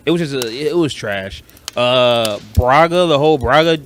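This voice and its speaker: A man with a Detroit accent, co-hosting a podcast in casual chat, blunt and animated, swearing freely. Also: mid-range voice, moderate pace, a little hiss or hum. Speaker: podcast co-host.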